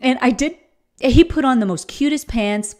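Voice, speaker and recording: A woman's voice: sits high, moderate pace, darkish tone. Middle-aged woman, enthusiastic inspirational faith speaker, earnest storyteller. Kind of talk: motivational faith talk.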